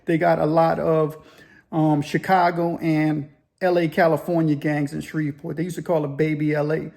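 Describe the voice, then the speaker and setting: A man telling a story casually, loosely and with animated sound effects. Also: on the high side, moderate pace, creaky. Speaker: storyteller, former inmate.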